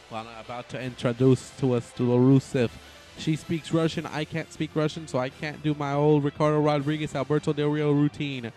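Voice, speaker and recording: A man giving casual, excitable play-by-play commentary on a wrestling video game, rambling and often correcting himself. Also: medium pitch.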